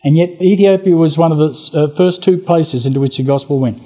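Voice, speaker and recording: A man preaching a sermon, telling Bible stories with lively acted-out voices and rhetorical questions. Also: on the high side, a little fast. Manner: animated storytelling, acting out biblical voices.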